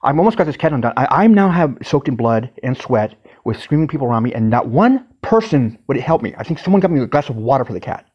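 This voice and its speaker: A man with a husky voice tells a personal story in a casual, intense way, swearing for emphasis. His pitch sits in an ordinary middle range. The recording sounds slightly dull and lo-fi. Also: very animated, fast, hardly any pauses.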